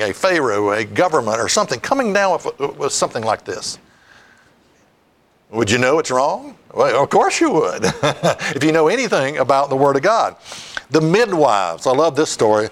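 Guy preaching a sermon, reads bible verses, laughs a lot, lively up and down voice. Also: medium pitch, measured pace. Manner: animated, reads scripture aloud, laughs often. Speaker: pastor.

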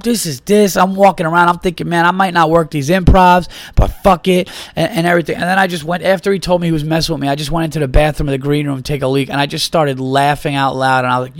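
A man hosting a podcast, animated as he retells a story, acting out the quotes and swearing freely. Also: fairly high pitch, a little fast, no echo. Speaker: podcast host. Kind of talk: casual storytelling.

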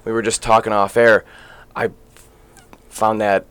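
Male podcast host, late thirties, lowish voice, rambling studio chat with plenty of filler sounds. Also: flat delivery, a little slow, a bit bright, clear, resonant tone, no echo. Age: late 30s. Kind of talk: casual sports interview.

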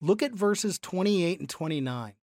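A man teaching a Bible lesson, explaining verses slowly and deliberately and lifting his voice for emphasis. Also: high-pitched, expressive, darkish tone, no echo, studio quality. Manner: explanatory, slow and deliberate, voice lifts when emphasizing.

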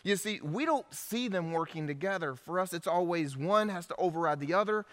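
A male pastor delivers a sermon in a casual, conversational way, full of humorous asides and quick restarts. His voice sits a little high for a man. The sound carries the long echo of a church hall. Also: animated, fairly bright tone.

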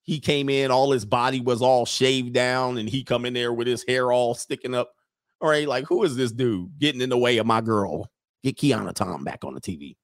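A man's voice: medium pitch, normal speed, no room sound. Mocking slangy man, dry close sound. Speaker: commentator reacting to photos. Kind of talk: casual on-screen commentary.

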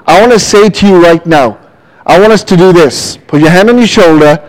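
Pastor, male, high voice, animated storytelling sermon. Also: a little fast, low-quality recording. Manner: lively, animated preaching with storytelling.

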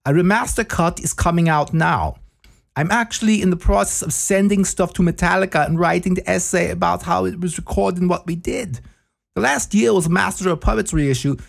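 A man's voice: high-pitched, brisk, creaky, voice pushed up. A man putting on a rambling Danish-accented producer. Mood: chatty. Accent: put-on Danish. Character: Danish male record producer, chatty.

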